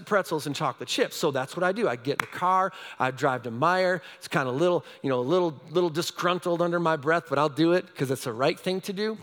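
A male pastor telling a story from the pulpit, his voice sitting high for a man. He swings from loud, excited bursts to hushed asides. The sound rings with long reverb from a large hall. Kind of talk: storytelling sermon.

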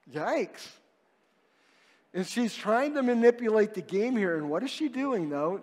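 A man's voice: sits high, expressive, unhurried, darkish tone, in a large hall. A male pastor preaching a sermon in a conversational way, posing rhetorical questions and swinging widely in emphasis.

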